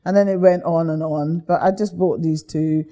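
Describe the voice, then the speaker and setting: Lively woman guest, mellow tone, animated storytelling. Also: deep voice, moderate pace. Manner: lively, chatty, slips into voices while telling stories.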